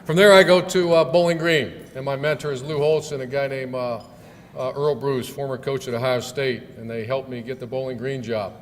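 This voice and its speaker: A man's voice: mid-range voice, fairly even intonation, brisk. Folksy middle-aged man telling stories. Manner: folksy storyteller with fillers and restarts. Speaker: guest speaker, football coach. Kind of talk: storytelling speech at a club event. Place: banquet hall. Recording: long hall reverb, faint room noise.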